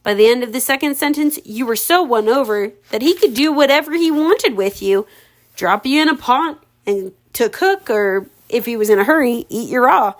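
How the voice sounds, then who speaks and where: A woman's voice: a little high, lively intonation, normal speed. A woman reading a storybook aloud for a relative in an informal way, correcting her own slips and adding chatty comments. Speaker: audiobook reader for a relative. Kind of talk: casual read-aloud with commentary.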